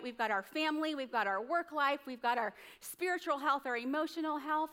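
A woman's voice: high voice, sharp tone. A woman pastor preaching a sermon in a conversational, storytelling way, often checking in with the congregation. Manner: conversational, storytelling, frequent tag questions.

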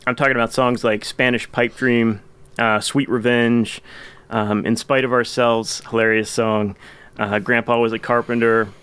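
A man hosts a casual podcast about music, talking eagerly at a middle pitch. He rambles a little and restarts his sentences as he goes. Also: little pitch movement, moderate pace, a bit bright, clean tone, dry recording. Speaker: podcast host.

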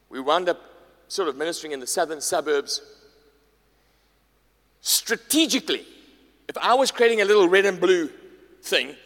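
A man, a pastor preaching a sermon, telling a story with lively acted-out dialogue. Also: a little high. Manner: animated, acts out quoted dialogue. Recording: long hall reverb.

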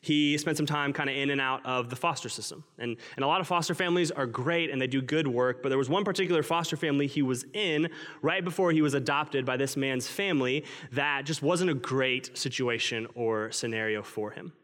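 A pastor delivering a Christmas-season sermon as earnest, conversational storytelling, recorded in a church. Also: male voice, medium pitch, a little fast, fairly bright tone. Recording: long reverb of a large hall.

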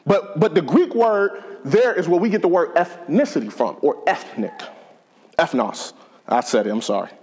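A man's voice: a little high, lively intonation, moderate pace, darkish tone, husky. A man preaching a sermon in a conversational, joking way to a church congregation. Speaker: pastor.

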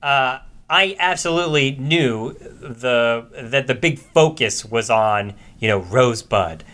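A man co-hosting a casual podcast chat, animated and profane, explaining his views at length. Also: medium pitch, slow pace. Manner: animated, profane, quotes movie lines with big shouts. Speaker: podcast co-host.

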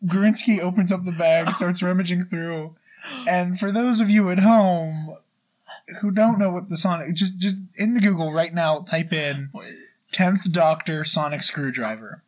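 Young male podcast co-host, casual storyteller, rambly, filler-heavy, slightly higher voice. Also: a little slow, poor audio.

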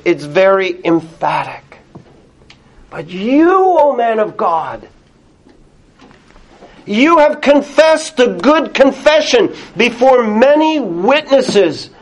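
A male pastor preaching a sermon in an earnest, emphatic way, pausing often and laughing softly. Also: very high voice.

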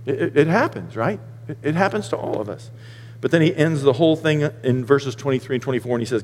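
A man preaching a sermon as pastor, animated and folksy with joking asides. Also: mid-range voice, quick pace, a little hiss or hum. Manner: animated preaching, rising loud for emphasis. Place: church sanctuary. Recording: long hall reverb.

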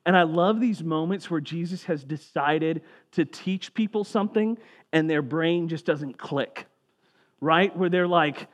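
Conversational preacher man, slightly high voice. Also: normal speed. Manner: conversational preaching, drops low and quiet for scripture readings. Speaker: pastor. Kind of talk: sermon.

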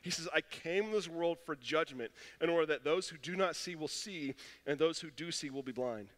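A man's voice: a little high, moderate pace, fairly bright tone. A man preaching a sermon as pastor, passionate and acting out the voices he quotes. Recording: long echo of a church hall.

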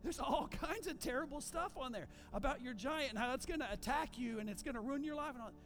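A man preaching a sermon as pastor, animated, with frequent asides to the congregation. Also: extremely high pitch, quick pace, faint music behind.

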